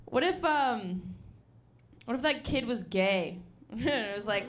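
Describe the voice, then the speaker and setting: A woman's voice: high-pitched, sing-song, extremely slow, pauses often. A young woman doing a stand-up set at an open mic, rambling and self-deprecating, often laughing at her own jokes. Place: comedy club stage with a live audience.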